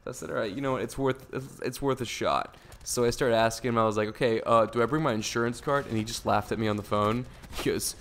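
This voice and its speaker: A young man tells a story in a loose, rambling vlog manner, words tumbling out quickly with plenty of fillers. His voice sits on the low side. A faint hiss lingers behind him. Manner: rambling, fast, laid-back with repeated fillers. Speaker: vlogger. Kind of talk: casual storytelling to camera.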